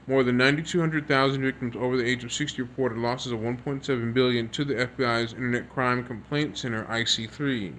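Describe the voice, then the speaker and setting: Man reading articles aloud, halting. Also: mid-range voice, fairly bright tone, a little hiss or hum. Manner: halting reading with stumbles and restarts; earnest, repetitive commentary. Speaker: video creator.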